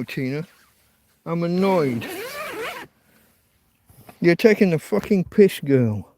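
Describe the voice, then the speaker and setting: A man's high, creaky, slightly mellow voice comes through a dry recording. He's livestreaming casually at night from a tent in a field, swearing at his dog in exasperation.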